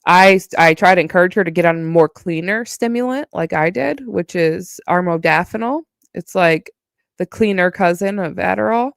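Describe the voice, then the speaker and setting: A woman's voice: on the low side, moderate pace, gravelly, clean tone, no echo, clean studio sound. A woman streamer ranting on a casual livestream, heated and profane, with a mocking edge.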